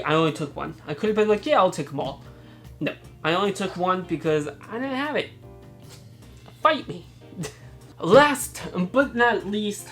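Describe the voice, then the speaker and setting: A woman hosting a casual haul vlog, chatty and rambling, laughing often and restarting her words. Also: fairly low pitch. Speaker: channel host showing thrift finds.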